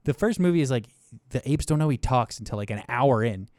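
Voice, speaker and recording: An excitable young man co-hosting a film podcast, his voice leaping from low mumbles to high, eager bursts. The sound is close and dry, with no room around it. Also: a little fast, dry recording. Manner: enthusiastic, animated, swings between mumbled asides and excited bursts. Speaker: podcast co-host. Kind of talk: casual film review chat.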